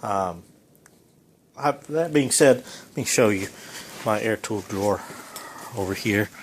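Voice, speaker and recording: A man's voice: lowish voice, takes it slowly, a little hiss or hum. Rambling man in his garage. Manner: rambling, folksy, lots of ums. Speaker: home mechanic filming a repair. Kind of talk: casual how-to vlog. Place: home garage workshop.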